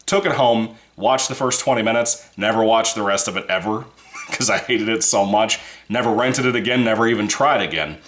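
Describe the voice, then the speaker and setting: A man's voice: on the low side, moderate pace, fairly bright tone, a little hiss or hum. A man giving a casual, rambling movie review, swearing freely and laughing between points. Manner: rambling, profane, laughs often.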